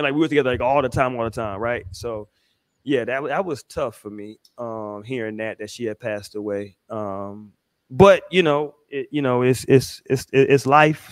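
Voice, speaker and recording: This smooth, medium-pitched man from Houston, Texas hosts a podcast, chatting casually in a laid-back, heartfelt way with plenty of fillers. The studio-quality recording has no echo.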